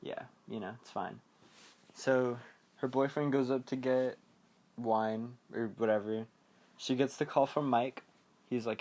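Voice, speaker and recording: A young man rambling through a film recap on his podcast. He talks loosely, with lots of fillers, and keeps slipping into quick mock quotes of the characters. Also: medium pitch, fairly even intonation, darkish tone. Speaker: podcast host.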